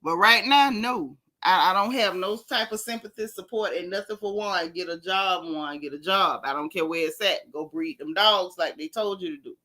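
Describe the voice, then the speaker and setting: A woman hosting a gossip vlog, talking casually in a sassy, animated way and repeating herself for emphasis. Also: fairly low pitch, moderate pace, few pauses. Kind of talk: casual chat.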